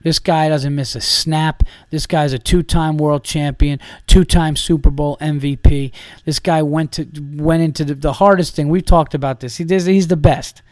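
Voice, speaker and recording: A man's voice: fairly high pitch, fairly even intonation, normal speed, a little mellow, dry recording, studio quality. A man hosting a comedy podcast, ranting in a heated, profane, emphatic way.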